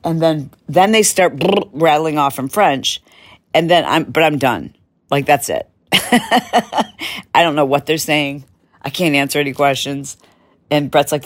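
A woman's voice: low-pitched, unhurried, pauses often, no echo. A middle-aged woman hosting a podcast, chatting casually with an enthusiastic, self-mocking manner. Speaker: podcast host. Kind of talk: casual chat.

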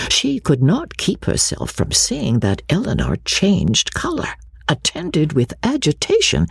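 A woman narrating a classic novel as an audiobook, with expressive, measured storytelling on a close studio mic. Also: a bass voice, creaky, breathy edge, dry recording.

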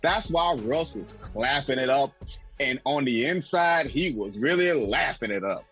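A man co-hosting a casual sports talk show, animated and telling stories with movie references. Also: mid-range voice, unhurried, dull audio, faint music behind.

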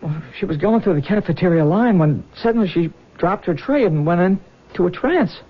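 An actor playing a nervous young hospital intern in a 1970s radio drama, hesitant and stammering. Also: male voice, high voice, lively intonation, normal speed, husky. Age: young adult. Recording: dull lo-fi old radio recording.

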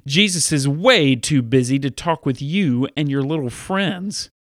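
A man's voice: a little high, animated, unhurried, a bit bright, dry recording, clean studio sound. A man voicing a stern male disciple who curtly turns children away in a Bible story. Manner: stern, curt.

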